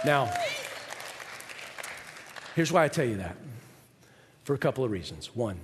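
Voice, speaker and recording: A man preaching a sermon as pastor, animated and shifting his voice to act out biblical figures. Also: mid-range voice, measured pace, pauses often, big-room sound, some chatter behind, a little hiss or hum.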